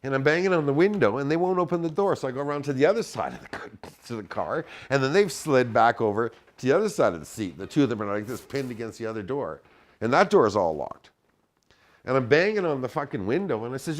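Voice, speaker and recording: A man telling a story in casual chat, animated and profane, acting out the shouted lines. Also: medium pitch, quick pace.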